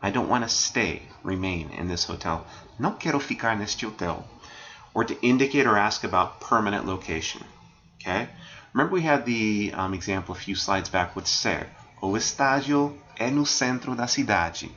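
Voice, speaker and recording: A man's voice: fairly low pitch, animated, normal speed, pushed and bright, lo-fi sound, slight background noise. A man teaching a recorded slide lesson, explaining phrases one by one and asking "right?" after nearly every line. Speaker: language teacher.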